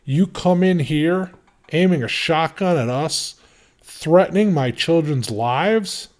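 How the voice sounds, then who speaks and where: A man's voice: a little high, animated, slow, a little mellow, pitched above the performer's own voice. A man voicing a stern armed father who talks in a hard, lecturing, emphatic way. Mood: menacing.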